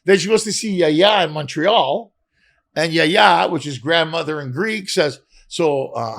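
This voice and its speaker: A middle-aged man from Canada, a comedian guest telling animated stories and acting out dialogue with swearing. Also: fairly high pitch, a little slow, vocal fry. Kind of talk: casual storytelling interview.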